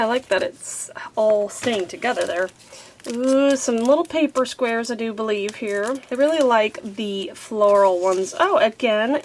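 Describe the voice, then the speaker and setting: A woman's voice: fairly high pitch, slight background noise. A woman talking casually as she unboxes craft papers and stickers, thinking aloud and delighted by each piece. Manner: chatty, easily delighted, thinks aloud with many fillers. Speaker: craft vlogger unboxing a subscription box.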